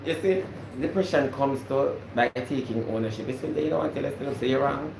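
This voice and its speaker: A man's voice: medium pitch, a little fast, gravelly, echoey room, background noise. A Jamaican man hosting a casual live stream, preaching to viewers about responsibility and greeting them by name, repeating his points.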